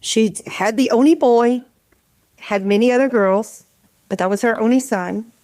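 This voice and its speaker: Candid middle-aged woman, higher voice. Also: unhurried, darkish tone, no room sound. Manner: candid, earnest, confessional; conversational with frequent restarts. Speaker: panelist, community program leader. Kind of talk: panel discussion talk.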